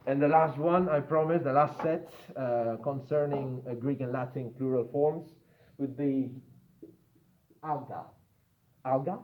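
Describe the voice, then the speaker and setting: A man teaching an English grammar lesson, slowly repeating words for pronunciation drills and checking in with "yeah?". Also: mid-range voice. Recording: tinny phone-like line in an echoey room.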